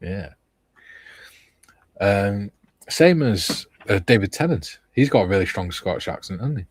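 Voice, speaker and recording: A man's voice: fairly low pitch, expressive, unhurried, husky. A man hosting a live chat stream, easygoing and casually reading out viewers' comments. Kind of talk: casual chat while painting models.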